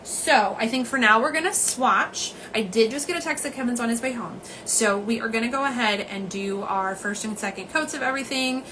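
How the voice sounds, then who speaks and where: A woman's voice: fairly high pitch, a little fast, hardly any pauses, background noise. A woman chatting casually on a live stream from home, rambling and greeting viewers by name. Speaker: livestream host. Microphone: phone camera.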